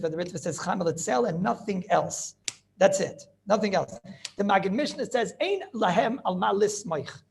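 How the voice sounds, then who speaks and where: A man, a rabbi, giving a Talmud study lecture in an animated way, repeating phrases and asking and answering his own questions. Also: high-pitched, creaky. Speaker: rabbi teaching a class.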